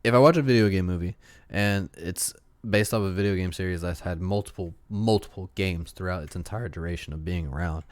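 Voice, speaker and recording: Man, very deep voice, dry close sound, sarcastic, rambling casual commentary. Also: brisk, no echo. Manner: sarcastic, argues back at critics; rambling with restarts and fillers. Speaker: YouTube movie commentator.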